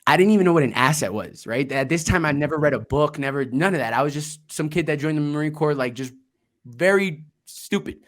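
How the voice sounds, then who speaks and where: A young man and Marine veteran, a guest telling his life story in a casual, candid, energetic way, swearing freely. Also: a little high, quick pace, hardly any pauses. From Colombia, raised in Florida. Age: young adult.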